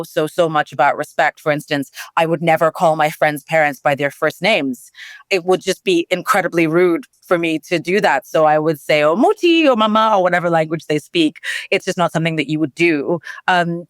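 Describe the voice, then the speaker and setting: A woman from Nigeria, a travel journalist being interviewed, telling animated stories and laughing often. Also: sits low, dry recording. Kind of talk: conversational interview.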